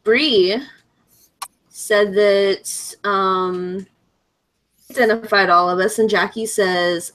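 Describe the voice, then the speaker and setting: Woman, livestream host, casual chat, lively storyteller, frequent laughs, video call audio. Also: medium pitch, extremely slow, pauses often.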